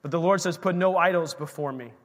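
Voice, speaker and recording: A man preaching a sermon as pastor, animated, swinging from shouts to hushed asides. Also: a little high, fairly quick, big-room sound.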